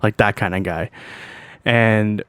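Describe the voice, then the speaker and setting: A man's voice: lowish voice, fairly even intonation, takes it slowly, fairly bright tone, clear, resonant tone, no room sound. A young Canadian man hosting a podcast, telling a story in a loose, profane way with constant "like" and "you know what I mean". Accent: Canadian English. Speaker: podcast host. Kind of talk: casual storytelling monologue.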